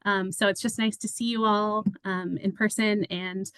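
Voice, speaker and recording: A woman's voice: medium pitch, steady tone, moderate pace, a bit bright, clear, resonant tone, no room sound, poor audio. A woman who works as an executive assistant, running an online public meeting in a friendly way with many fillers. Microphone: video call.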